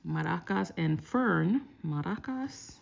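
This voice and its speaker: A woman from Texas calmly murmuring through lottery scratch-off tickets, slowly listing each symbol as she checks. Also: fairly low pitch, creaky, slight background noise. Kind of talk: calm scratch-off play-by-play.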